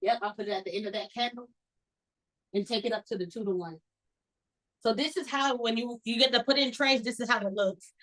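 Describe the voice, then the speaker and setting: Bright high-voiced woman teaching trading. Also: fairly quick, poor audio. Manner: animated, acts out her own past thoughts. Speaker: trading instructor. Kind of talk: casual teaching talk.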